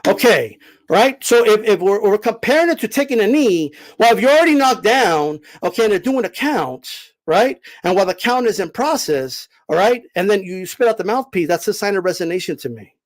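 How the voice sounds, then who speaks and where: Host, male, very high voice, emphatic and lecturing, raises his voice and drives each point home by repeating it. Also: animated, fairly quick, poor audio. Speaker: boxing commentator host. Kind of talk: live-stream commentary answering chat.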